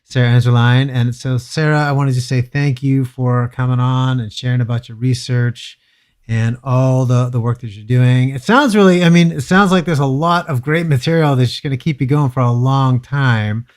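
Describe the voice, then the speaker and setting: A man hosts a podcast interview over a video call. He talks in a relaxed, casual way and keeps slipping in jokes and light teasing. His pitch sits in an ordinary middle range. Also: moderate pace, clear, resonant tone. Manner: joking, teasing. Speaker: podcast host.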